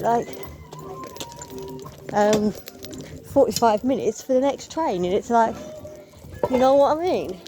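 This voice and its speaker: Chatty woman with faint noise. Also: on the high side. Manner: chatty, opinionated, rambling with asides. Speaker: theatre fan vlogger. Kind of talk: casual storytelling vlog.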